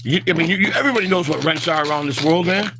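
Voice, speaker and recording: A man hosts a loose walk-and-talk vlog, rambling along with plenty of fillers and words repeated as he restarts. His voice sits a little higher than most men's. It is caught on a handheld phone outdoors, with a faint hiss of noise behind him. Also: very fast, sharp tone. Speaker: vlog host.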